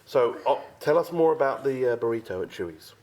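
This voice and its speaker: Super low-pitched lady hosting a family chat podcast, teasing and bossy, voice bounces up and down a lot. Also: expressive, a little mellow. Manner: teasing, bossy, quick to laugh. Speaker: podcast host.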